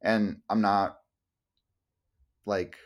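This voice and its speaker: A man's voice: lowish voice, flat delivery, extremely slow. Rambling young man, casual swearing. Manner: rambling, full of "like", swears casually, acts out quotes. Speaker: podcast co-host. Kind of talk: casual chat.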